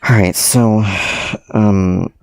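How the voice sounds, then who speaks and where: Man, math tutor, very low voice, dry close sound, livestream lecture, hesitant and self-correcting. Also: fairly even intonation, very slow, a little mellow, smooth, dry recording. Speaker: math teacher.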